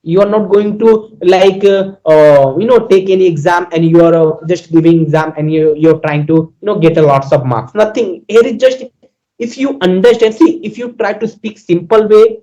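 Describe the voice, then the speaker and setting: A man with an Indian English accent and a high-pitched voice speaks earnestly in a casual chat. He leans on fillers and repeats himself as he makes his points. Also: moderate pace, warm tone, muffled recording. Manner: earnest, repetitive, lots of fillers. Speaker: guest. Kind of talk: casual conversation about learning English.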